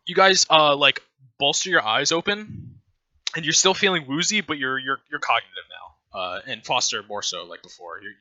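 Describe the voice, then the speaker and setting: Guy running a tabletop game, super bright voice, lively, kinda dull dry audio. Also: mid-range voice, normal speed, no room sound. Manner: laughing, animated, loose and rambling. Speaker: game master.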